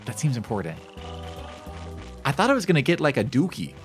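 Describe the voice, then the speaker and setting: A man's voice: medium pitch, huge pitch swings, a little fast, soft background music. A male streamer giving casual, joking commentary while playing a game, rambling and reading game text aloud. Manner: repeats phrases in shifting voices.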